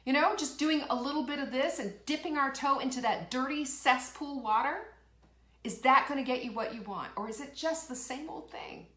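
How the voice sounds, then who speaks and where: A woman's voice: sits high, normal speed, fairly bright tone. Fired-up preachy woman, echoey room. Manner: fired up, emphatic, preachy with rhetorical questions; reads out viewer comments and laughs. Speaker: host. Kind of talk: live motivational show talk.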